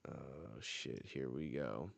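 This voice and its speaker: A man's voice: very deep voice, slow, vocal fry, slight background noise. A man hosting a live reaction, reading comic dialogue aloud and reacting as he goes. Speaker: manga reaction host.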